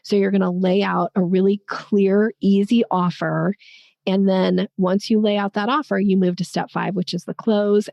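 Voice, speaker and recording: A woman sales coach, a podcast guest, explaining a selling method step by step in a lively, conversational way. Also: medium pitch, vocal fry, no echo.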